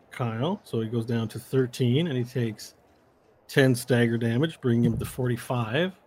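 A man running a tabletop game as game master, checking rules and narrating the action in a playful way. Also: mid-range voice.

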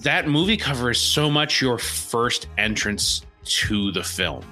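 Animated, swearing man podcast host. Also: mid-range voice, measured pace, faint music behind. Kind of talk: casual chat.

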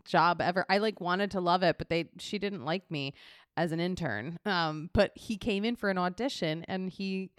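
A woman's voice: fairly low pitch, moderate pace, no room sound, clean studio sound. A woman in her thirties with a New York accent, co-hosting a podcast in casual chat and telling stories with lots of laughter. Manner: animated, laughing storyteller. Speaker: podcast co-host.

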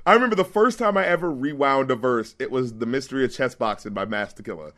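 A man hosting a casual podcast about rap albums, talking in an animated way, swearing and acting out lyrics in quick little voices. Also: mid-range voice. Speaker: podcast host and rap critic.

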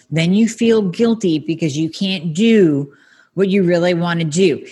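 A woman hosting a health podcast, giving a lively solo talk straight to her listeners, with some mild swearing. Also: lowish voice. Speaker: podcast host, functional medicine practitioner. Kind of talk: podcast monologue.

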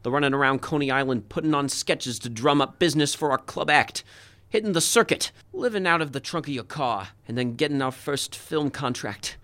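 A man's voice: medium pitch, brisk, pushed and bright, natural voice. A man playing a hot-headed, bossy comedy partner in an audio drama. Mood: nostalgic. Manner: bossy, combative. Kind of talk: comedic radio-play acting.

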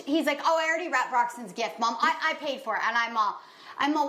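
High-voiced joking woman in echoey room. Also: fast. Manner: animated, jokey, acts out quotes. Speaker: podcast co-host. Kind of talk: casual chat. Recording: roomy echo with faint noise.

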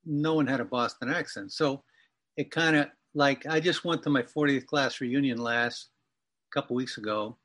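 A man's voice: mid-range voice, moderate pace, fairly bright tone. A man in his fifties from Massachusetts, a writer telling a rambling, wry personal story as an interview guest. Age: 50s. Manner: wry, digressive, self-correcting storyteller.

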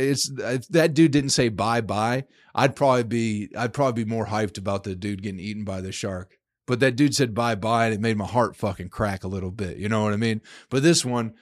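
A man hosts his podcast alone. He rambles through crude, profane stories in a casual, mid-pitched voice. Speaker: podcast host. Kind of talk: casual solo podcast monologue.

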